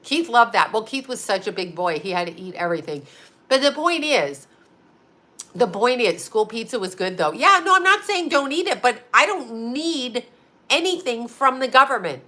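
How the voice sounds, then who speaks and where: A woman's voice: fairly high pitch, very animated, normal speed, sharp tone. A middle-aged woman with a slight lisp, hosting a livestream and ranting bluntly, profanely, repeating herself for emphasis. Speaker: host.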